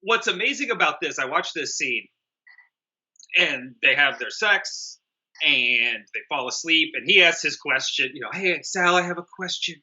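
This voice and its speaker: Animated, sharp-voiced man joking about a film. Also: fairly high pitch, measured pace, muffled recording. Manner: animated, jokey, swears freely, acts out voices. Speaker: film review podcast co-host. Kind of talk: casual comedic movie review chat.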